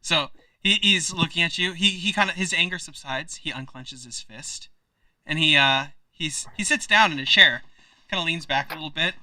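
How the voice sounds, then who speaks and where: A man's voice: on the high side, moderate pace, pushed and bright, no room sound, far from the mic. A man narrating as game master in a tabletop role-playing game, rambling with lots of fillers. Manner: rambling, many fillers like kinda and like.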